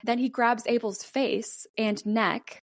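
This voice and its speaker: Chatty young woman retelling a film. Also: takes it slowly. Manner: animated, acts out characters' lines with shifts in pitch, frequent "like". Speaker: podcast co-host retelling a film. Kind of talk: casual storytelling chat.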